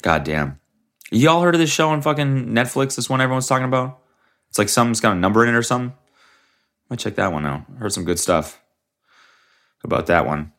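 A man's voice: medium pitch, big pitch swings, fairly quick, pauses often, fairly bright tone. A young man hosting a solo podcast, rambling casually with lots of swearing and restarts while sick. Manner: rambling, profane, trailing off and restarting. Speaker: podcast host.

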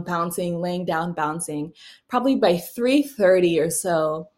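A young adult woman telling a personal story casually, with frequent laughs, fillers and restarts. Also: fairly low pitch. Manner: chatty, laughing often, many fillers and restarts. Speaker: mother telling her birth story.

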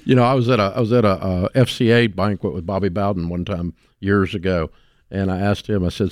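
An older man hosting a call-in advice radio show, talking in an emphatic, folksy way that swings from booming to hushed. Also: fairly even intonation, brisk, no room sound, clean studio sound. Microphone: studio microphone.

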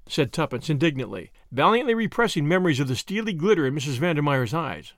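A man reading an audiobook aloud, measured and expressive. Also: a little high, dry recording, studio quality. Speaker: audiobook narrator. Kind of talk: audiobook narration.

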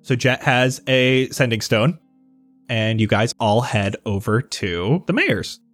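A man narrating a tabletop game as game master. His voice sits at a middle pitch and his delivery stays steady. Soft music plays underneath. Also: slow pace, no room sound.

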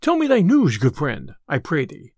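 A man's voice: on the high side, huge pitch swings, moderate pace, creaky, darkish tone, no echo, clean studio sound, full character voice. A man reading aloud, voicing a cheerful, teasing young outlaw hero in an audiobook tale. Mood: jovial. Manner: jovial, playful.

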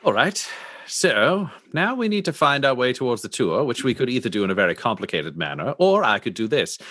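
A man's voice: mid-range voice, sing-song, fairly quick, a bit bright, dry recording. A man playing a tabletop game, casual and upbeat. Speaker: player.

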